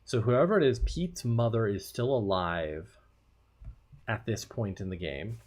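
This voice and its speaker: A man's voice: lowish voice, expressive, a little slow, darkish tone. A man streaming a video game, thinking aloud and musing in casual commentary.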